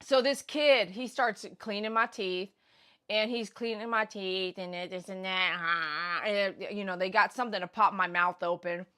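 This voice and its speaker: Bright-voiced animated woman telling a story. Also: mid-range voice, normal speed. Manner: animated, loud bursts, blunt and slangy. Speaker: pet groomer host. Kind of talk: casual livestream storytelling. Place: grooming shop.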